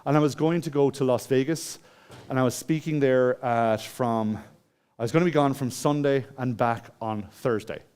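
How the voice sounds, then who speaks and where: In a conference hall, an Irish speaker delivers a conversational talk at a moderate pace, his mid-range voice smooth and darkish. He quizzes the audience, shares a personal story, and frequently starts over mid-thought.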